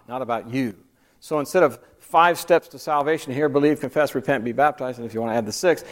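Man teaching a church class, higher voice. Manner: conversational, repeats key points.

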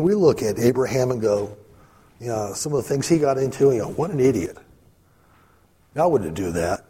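A man's voice: mid-range voice, dark tone, husky. A man giving casual Bible teaching in a conversational way, full of asides and fillers. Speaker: preacher.

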